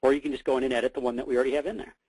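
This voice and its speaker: A man hosting a webinar, talking casually through a software demo, repeating words and calling his listeners guys. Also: mid-range voice, fairly even intonation, rapid-fire, slightly rough, dry recording, rough recording. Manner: casual, repeats himself, many fillers, addresses listeners as guys. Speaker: webinar host.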